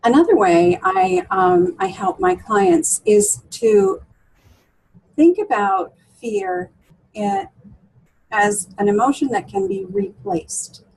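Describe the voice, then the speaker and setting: A woman's voice: very high-pitched, big pitch swings, slow, gravelly, a little mellow, low-quality recording. A woman coach for women, talking through client stories in an interview with many fillers and restarts. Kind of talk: interview conversation.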